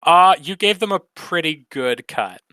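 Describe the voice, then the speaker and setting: A man's voice: high-pitched, expressive, measured pace, sharp tone, no room sound. A man narrating a tabletop role-playing game as game master, explaining rules with frequent hesitations. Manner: hesitant, many fillers.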